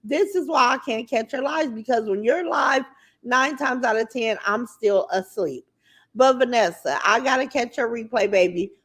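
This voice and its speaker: Woman, livestream host, slightly high voice, chatty, animated. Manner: animated, chatty, swears casually. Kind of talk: casual livestream chat, greeting viewers.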